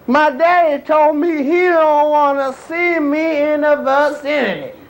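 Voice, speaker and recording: A high, whining strung-out junkie, as a man acts him out in a stand-up routine. He drawls his complaints slowly, lets his voice break into sobs, then flares into shouts. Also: rough recording. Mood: desperate. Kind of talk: stand-up character bit.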